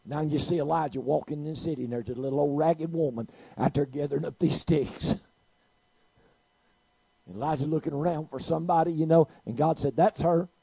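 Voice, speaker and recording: A man preaching a sermon, telling a story and swinging from quiet to loud. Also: fairly high pitch, fairly even intonation, fairly quick, vocal fry, breathy edge, dry recording, low-quality recording.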